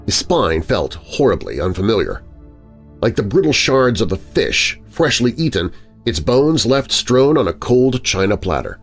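A man narrating a story in a dramatic audiobook style, expressive and lingering on vivid words, with faint music underneath. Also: on the low side, a little slow, breathy edge.

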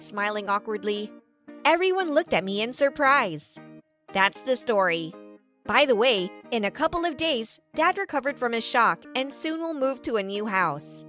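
A young woman reading a first-person story aloud in a steady storytelling manner, dropping her voice low for suspense. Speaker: narrator.

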